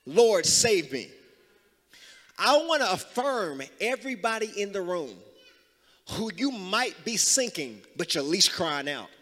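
A man a sermon as pastor, moving from talk into sung and shouted hymn lines. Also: high-pitched, very animated, moderate pace. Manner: preaching that builds into singing and shouting hymns. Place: church sanctuary. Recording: reverberant church with music.

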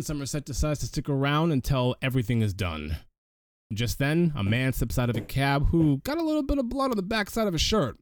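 Male podcast host, animated recap delivery, dry close-miked sound. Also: mid-range voice, smooth, no room sound. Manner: animated storyteller, frequent restarts. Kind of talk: casual film recap chat.

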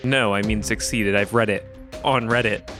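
Man playing Sam Witwicky as a deadpan smug crank. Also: fairly low pitch, moderate pace, soft background music, lightly acted. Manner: deadpan, matter-of-fact improvised comedy. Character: smug young male online crank, sovereign-citizen type. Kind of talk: improvised comedy sketch. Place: room shared with co-hosts.

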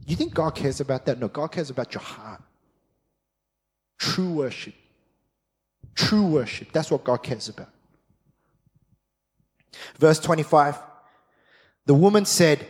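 A man's voice: on the high side, animated, measured pace, long pauses, breathy edge. A middle-aged man preaching a sermon as pastor, fired-up and emphatic with repeated phrases. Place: large church hall. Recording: long church hall reverb.

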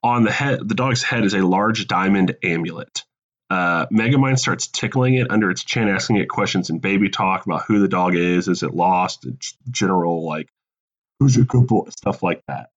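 A man casually pitching a comedic movie sequel on a podcast, laughing at his own puns. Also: normal speed, a bit bright, dull audio.

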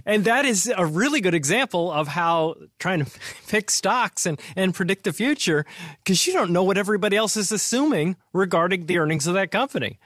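A man's voice: high voice, animated, brisk, fairly bright tone, dry recording, clean studio sound. A man hosting a finance podcast, chatting casually and laughing often as he retells stories. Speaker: podcast host.

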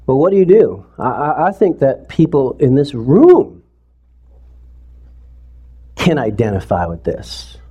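A pastor speaks to his congregation in a relaxed, mid-pitched man's voice that is neither high nor low. He talks casually, then climbs into impassioned, pleading preaching. The sermon sounds like it was recorded in a church for a streamed service. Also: unhurried, pauses often, husky, highs cut off. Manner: earnest, conversational preaching that rises to impassioned pleading.

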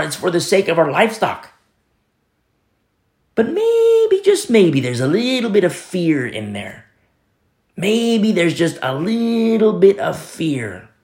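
A man delivers a sermon at an unhurried, deliberate pace, his voice sitting slightly high for a man. He drives points home by repeating short phrases and drifts into a casual, storytelling tone with fillers. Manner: emphatic, repeats phrases for stress. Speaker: preacher.

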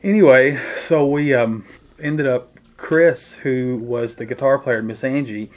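Man telling animated band stories. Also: medium pitch, a little slow. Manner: animated anecdotes, mimics the people he quotes. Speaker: guest musician, drummer. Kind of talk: casual interview storytelling.

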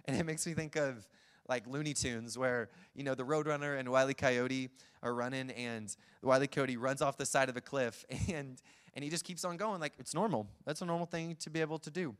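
A man preaching a sermon, retelling scenes in a lively, chuckling way. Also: mid-range voice, normal speed, smooth. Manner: lively storytelling, acts out scenes, chuckles often.

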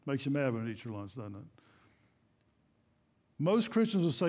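A man's voice: medium pitch, big pitch swings, normal speed, long pauses, dark tone, slightly rough. A middle-aged male pastor preaching a sermon in a church, talking in a casual, folksy way and acting out prayers and quotes. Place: church sanctuary.

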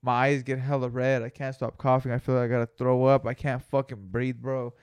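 Brisk and level, with a mid-range, darkish, clean voice, a young podcast co-host recounts a story in a relaxed chat, full of slang and heavy cursing.

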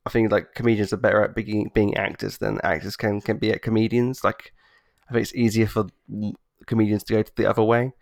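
A man's voice: lowish voice, level tone, quick pace, vocal fry, darkish tone, no echo. Enthusiastic rambling man, dry sound. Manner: rambling, enthusiastic, restarts his sentences. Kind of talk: casual chat.

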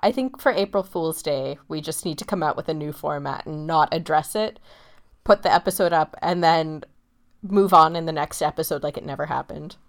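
A woman co-hosting a travel podcast in casual chat, delivering absurd jokes in a dry, deadpan way. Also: sits low, moderate pace, creaky. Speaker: podcast co-host.

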